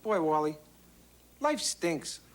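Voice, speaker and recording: Whiny boy, played by a man, high and swoopy, noisy track. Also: big pitch swings, slow pace. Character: whiny young boy from old sitcom.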